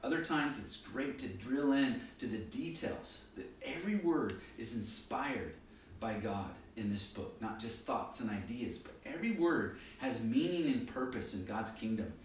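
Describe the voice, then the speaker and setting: A male pastor preaching a sermon, emphatic, rising and falling in pitch and volume to stress his points. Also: expressive, measured pace, slight background noise. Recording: very echoey hall, mic from a distance.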